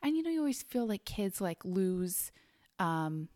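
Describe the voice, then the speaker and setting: A middle-aged woman co-hosting a podcast, chatting casually and telling a story, lively, sometimes dropping to a whisper. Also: medium pitch, a little slow. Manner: animated, drops to whispers when telling spooky parts. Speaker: podcast co-host.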